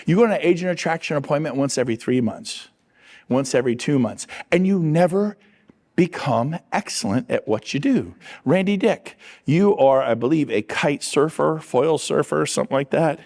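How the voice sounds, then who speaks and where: A middle-aged man giving an energetic motivational talk on stage, quizzing and teasing his audience. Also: fairly high pitch, normal speed, creaky. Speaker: real estate coach on stage.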